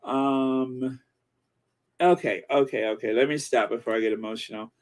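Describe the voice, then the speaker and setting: A man's voice: mid-range voice, normal speed, darkish tone. A man hosting a live stream, chatting casually and rambling through viewer comments with many fillers. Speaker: channel host reading viewer comments.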